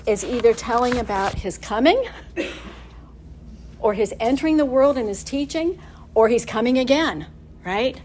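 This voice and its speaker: A woman's voice: a little high, lively intonation, moderate pace, pauses often, darkish tone, slight background noise. A middle-aged woman giving a conversational Bible teaching to other mothers, laughing often and asking her listeners questions.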